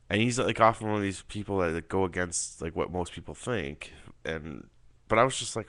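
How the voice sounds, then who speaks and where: A man giving a casual, rambling film review monologue, swearing often and filling pauses with "like" and "um". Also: low voice, a bit bright, dry recording. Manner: rambling, profane, filler-heavy.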